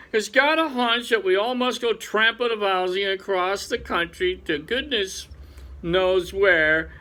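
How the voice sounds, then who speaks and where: A man voicing a pompous older male chief rabbit in a storybook reading, speaking in a slow, patronizing drawl. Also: high voice, pushed and bright, heavily acted.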